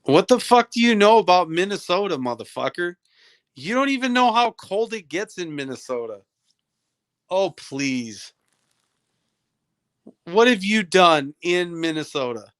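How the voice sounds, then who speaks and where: A man's voice: sits high, big pitch swings, unhurried, pauses often, a bit bright, clean tone, dry recording, studio quality. A young man on a livestream, ranting at a viewer in his chat, profane, combative and taunting.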